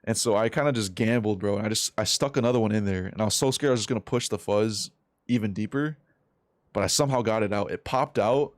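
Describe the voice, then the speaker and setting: A man's voice: lowish voice, fast, no room sound. A young man chatting casually on a live game stream, telling a rambling story full of slang and swearing. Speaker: streamer and competitive gamer.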